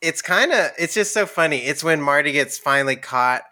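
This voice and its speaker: Giggly bright-voiced man gushing about a movie. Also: on the high side, animated, brisk. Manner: giggly, enthusiastic. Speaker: podcast co-host. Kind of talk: casual film discussion.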